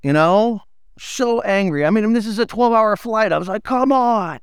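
A man, preaching a sermon in an animated, playful storytelling way. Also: sits high, moderate pace, clean tone, no room sound, clean studio sound. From United States. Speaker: pastor.

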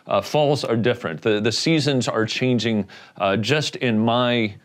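A man hosting a comedic interview, jokey and halting, full of restarts and fillers. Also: medium pitch. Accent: Indiana. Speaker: comedian host.

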